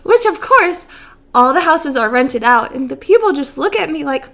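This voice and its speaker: A young woman co-hosting a casual chat, telling a story with lots of laughter. Her voice sits high and bright. She jumps into exaggerated voices whenever she quotes someone. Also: moderate pace. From Great Lakes region, USA. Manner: animated, laughing, acts out quotes with big jumps in pitch. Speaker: podcast co-host.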